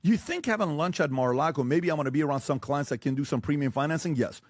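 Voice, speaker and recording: A man debating on a talk show, who lectures forcefully and keeps firing rhetorical questions and blunt warnings. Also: on the high side, fast talker, dry recording, studio quality. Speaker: podcast guest debating the host. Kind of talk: heated debate.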